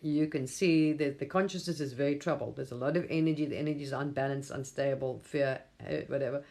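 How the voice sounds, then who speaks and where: An English woman in middle age hosts a relaxed late-night livestream from her phone, speaking fairly quickly in an extremely low, slightly mellow voice. She rambles, chuckles often and mimics voices when quoting people.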